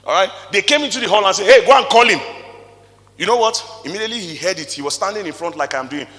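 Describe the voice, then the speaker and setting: A man with a Nigerian accent giving an animated motivational talk to a live audience, firing rhetorical questions and swinging between loud and soft. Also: high-pitched, rapid-fire. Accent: Nigerian English. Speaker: motivational speaker. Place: stage in a hall before an audience. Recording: long reverb of a large hall.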